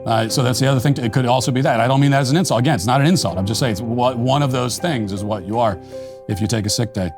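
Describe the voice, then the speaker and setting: A middle-aged man hosting a commentary show, delivering a deadpan, mock-apologetic sarcastic monologue with bursts of mock shouting. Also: medium pitch, fast talker, music in the background. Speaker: commentary host.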